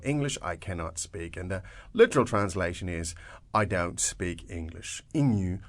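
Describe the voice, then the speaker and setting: A man's voice: sits low, lively intonation, normal speed, a bit bright. A man hosting a language podcast lesson, translating phrases and explaining words with frequent restarts and fillers. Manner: restarts and "uh" fillers, upbeat encouragement. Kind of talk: teaching English speakers.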